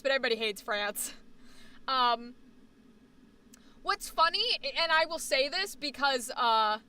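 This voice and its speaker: American woman streamer, high bright voice, rambling casual chat with lots of swearing. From United States. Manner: chatty, rambling, swears freely. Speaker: live streamer.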